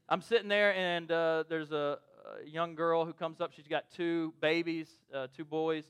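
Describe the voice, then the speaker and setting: A man's voice: a little high, fairly bright tone, clear, resonant tone. A man preaching a sermon in a conversational, storytelling way, often checking in with "right?". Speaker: pastor.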